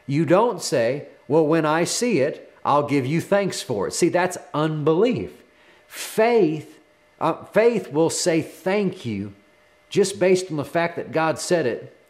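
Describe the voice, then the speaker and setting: A middle-aged man preaching a broadcast sermon in an animated, emphatic way, repeating phrases for effect. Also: fairly high pitch.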